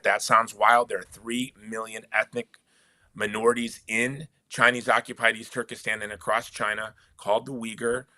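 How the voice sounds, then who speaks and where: A man being interviewed as a guest author, with a very bright, forceful voice recorded dry and close. He talks in an animated, emphatic way and often restarts his sentences. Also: on the low side, no echo. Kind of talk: casual conversational interview.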